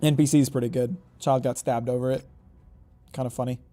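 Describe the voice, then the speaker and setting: A man's voice: medium pitch, fairly even intonation, a little fast, warm tone, soft background music. A man giving casual gameplay commentary, rambling and joking, often correcting himself mid-sentence. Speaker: gaming YouTuber.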